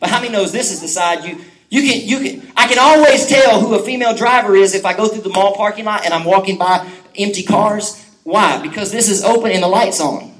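A middle-aged pastor delivers an animated sermon in a high, lively voice. He mixes earnest exhortation with playful, joking asides to the congregation. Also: low-quality recording. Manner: lively, animated preaching with quick asides and humor.

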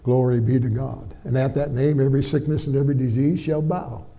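A man's voice: medium pitch, steady tone, a little fast, lo-fi sound. A middle-aged man preaching a sermon to a church congregation, folksy and chatty, peppering his talk with amens and questions to the people. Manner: folksy, warm storytelling with frequent amens and tag questions to the congregation. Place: church before a live congregation.

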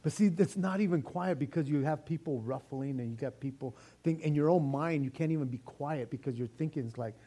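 High-voiced joking preacher, older man. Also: a little fast, hardly any pauses. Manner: animated, joking preacher with many restarts. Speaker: pastor. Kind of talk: sermon.

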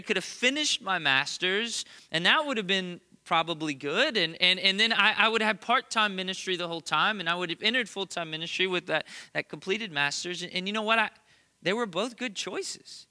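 Pastor guy in his 30s preaching, high sharp voice, earnest but cracks jokes at himself. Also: lively intonation, normal speed. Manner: earnest, with self-deprecating humorous asides. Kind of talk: conversational sermon.

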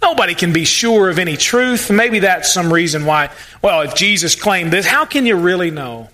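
Bright-voiced earnest male pastor. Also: sits high, animated, moderate pace. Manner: earnest preaching, repeats words when stressing a point. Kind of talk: sermon.

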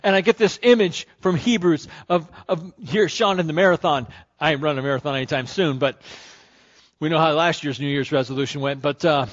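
A man preaching a sermon as pastor, moving between calm teaching and rising, excited storytelling. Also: on the high side, fairly quick. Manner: builds from calm teaching to loud excited crowd-cheering passages. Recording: dull lo-fi sermon recording.

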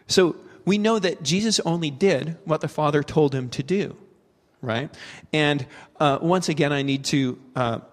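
A man co-hosting a faith talk show, teaching in a reflective way and asking questions, with some fillers. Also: medium pitch. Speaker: co-host. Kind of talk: faith-based conversational teaching. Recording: long reverb.

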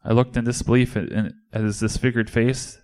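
A man's voice: mid-range voice, flat delivery, brisk, a little mellow. A man performing an impassioned first-person monologue in a church service, speaking as a disciple. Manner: impassioned, indignant storytelling.

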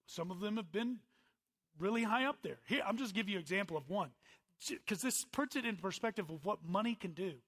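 A man preaching a conversational sermon, swinging from loud emphatic bursts to quiet asides. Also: high-pitched, animated, brisk. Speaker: pastor.

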